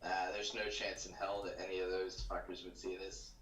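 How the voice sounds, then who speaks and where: Relaxed guy with a lowish voice, off-mic in a roomy space with faint hiss. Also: moderate pace, recorded from a distance. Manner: relaxed, swears casually. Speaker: podcast guest. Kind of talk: casual chat. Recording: echoey room, set back from mic, faint noise.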